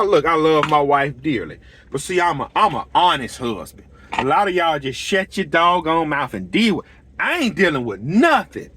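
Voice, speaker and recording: A middle-aged man with a husky, somewhat bright, higher-than-average voice rants heatedly to camera. He owns a lawn care business and hosts the channel, telling blunt, repetitive stories in which he quotes and acts out conversations.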